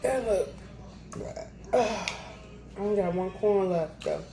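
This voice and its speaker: A woman's voice: medium pitch, steady tone, normal speed. A young woman chatting casually between bites in an eating vlog at home, laughing at herself as she goes. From New Jersey. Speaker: mukbang vlogger. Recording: echoey room, audible noise.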